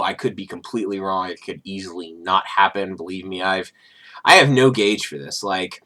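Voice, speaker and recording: A man's voice: lowish voice, pushed and bright. A man vlogging in a casual, sarcastic and profane rant.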